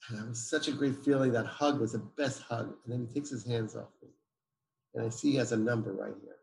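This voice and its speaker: A man's voice: medium pitch, steady tone, brisk, creaky, darkish tone, a little hiss or hum. A man, a guest telling a personal story emphatically and acting out the dialogue. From Israel. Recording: roomy echo.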